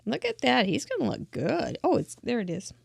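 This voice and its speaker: Gravelly-voiced woman hosting a craft show. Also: a little high, wildly swooping pitch, moderate pace, dry recording, studio quality. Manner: chatty and effusive, laughing often. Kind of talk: casual live-show chat.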